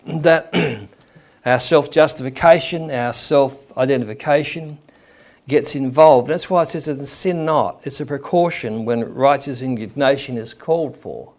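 A man's voice: a little high, a little mellow. A man preaching a sermon in a conversational way, acting out the people he quotes.

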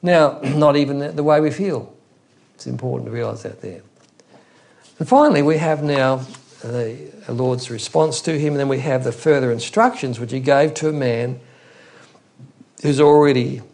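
A man's voice: mid-range voice, normal speed, gravelly, long pauses, a little mellow. A man preaching an expository Bible teaching in an earnest, emphatic way, often restarting his phrases.

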